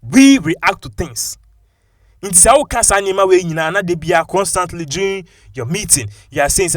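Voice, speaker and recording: A man with a Ghanaian English accent giving animated, opinionated commentary and mixing local-language phrases into his English. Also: high voice, moderate pace, no room sound, clean studio sound.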